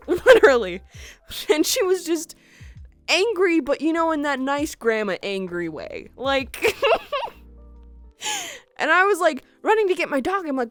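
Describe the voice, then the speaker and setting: A young woman streamer telling a story casually in an animated way, laughing often. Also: high voice, unhurried, long pauses, dry recording, faint music behind.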